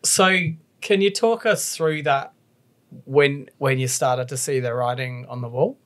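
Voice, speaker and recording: A man's voice: medium pitch, a little slow. A man hosting a podcast, asking casual follow-up questions and swearing freely. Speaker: podcast host.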